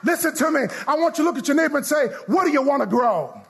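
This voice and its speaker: A man a sermon, calling out to the congregation and leading call-and-response, his lines half sung and shouted. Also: very high-pitched, sing-song, quick pace, gravelly. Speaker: pastor.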